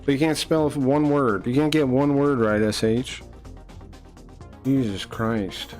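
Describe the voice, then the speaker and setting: A man's voice: medium pitch, slow, a little mellow, soft background music. A man streaming, ranting at his chat in a blunt, profane, mocking way and repeating himself when heated. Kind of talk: livestream chat rant.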